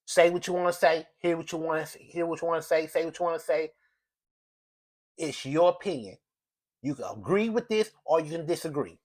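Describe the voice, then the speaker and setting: A man's voice: on the high side, a little fast, darkish tone. Male host in a one-man opinion monologue, emphatic and repetitive, keeps restarting sentences. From United States. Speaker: show host.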